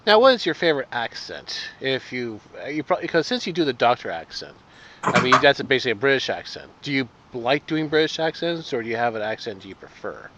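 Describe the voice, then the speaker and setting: A man's voice: medium pitch, sing-song, fairly quick, dull audio, background noise. A man hosting a casual interview, asking friendly, upbeat questions. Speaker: host.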